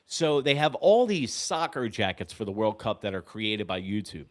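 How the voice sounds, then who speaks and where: A man hosting a live baseball fan stream, telling profane stories and breaking off to call plays excitedly. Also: on the low side, moderate pace. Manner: animated, profane storytelling with excited play calls. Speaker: host of a fan sports show.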